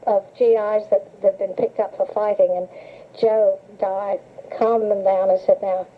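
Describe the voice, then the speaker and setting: The recording is an old, tinny cassette full of hiss. On it, an older woman with a mid-range voice speaks at normal speed with a flat delivery, chatting through her memories for an interviewer in a storytelling manner and laughing a lot.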